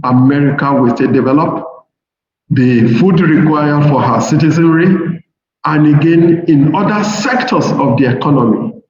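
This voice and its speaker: A middle-aged man with a Nigerian English accent, giving a measured, deliberate academic lecture from slides. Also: a little high, darkish tone. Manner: measured, deliberate, slows to stress key points. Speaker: professor giving a seminar lecture. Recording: very echoey hall, dull lo-fi sound, faint noise.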